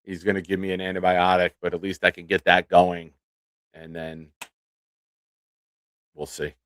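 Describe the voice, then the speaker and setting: A man's voice: sits low, normal speed, no echo. A man in his forties hosting a live sports show, chatting casually with viewers and nursing a swollen tooth. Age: 40s. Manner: relaxed, chatty, self-deprecating. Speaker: podcast host. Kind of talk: casual live-stream chat.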